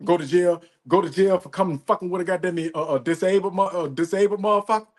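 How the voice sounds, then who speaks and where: Guy imitating some defiant dude taunting people, fast and scornful, a bit higher voice. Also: darkish tone, natural voice. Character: taunting, defiant grown man mocking his foes.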